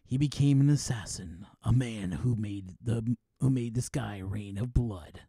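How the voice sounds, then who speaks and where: A man doing a booming movie-trailer announcer. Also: gravelly, mellow, breathy edge, no echo, clean studio sound. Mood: dramatic. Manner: slow, dramatic, overblown delivery.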